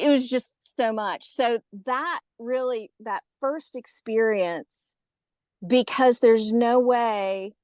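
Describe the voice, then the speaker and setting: A middle-aged woman with a Southern American accent, a podcast guest telling a personal story in casual conversation, lively and acting out the voices she quotes. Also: fairly high pitch, no echo. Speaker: podcast guest, haunted tour organizer.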